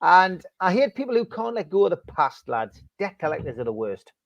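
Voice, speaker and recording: Cheeky podcast host. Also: male voice, high-pitched, big pitch swings, fairly quick, creaky, no room sound, lo-fi sound. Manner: cheeky, chatty, laughs at own jokes. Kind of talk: casual chat reading out jokes.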